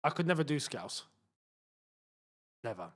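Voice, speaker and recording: A young man hosting a live football watchalong, reacting loudly to goals and bantering with his chat. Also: mid-range voice, big pitch swings, a little slow.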